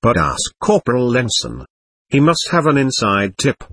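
A man's voice: mid-range voice, sing-song, normal speed, a bit bright, breathy edge, exaggerated voice. A man reading the part of a blunt, wry soldier comrade in an audiobook.

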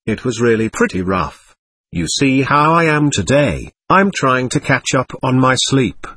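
A man's voice: medium pitch, a bit bright, slightly rough, no room sound, full character voice. A man voicing a weary, grumbling frontline soldier. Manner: grumbling, offhand.

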